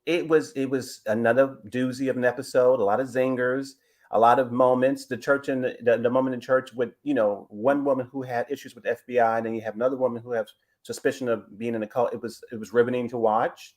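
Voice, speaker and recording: A man's voice: medium pitch, fairly even intonation, quick pace, a little mellow. A man calling in to a live show, giving rambling, gossipy commentary on a reality TV episode. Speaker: caller. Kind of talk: casual call-in commentary.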